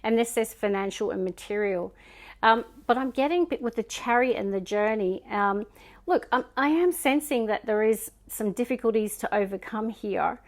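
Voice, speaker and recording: A woman with a Scottish accent giving a casual tarot card reading, musing and chatty, sometimes dropping to soft murmurs. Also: fairly high pitch, moderate pace. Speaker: tarot reader.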